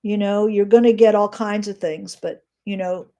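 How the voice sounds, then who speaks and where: A middle-aged woman teaching writing on a live stream, reading descriptive notes aloud with frequent pauses and fillers. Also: medium pitch, fairly even intonation, warm tone.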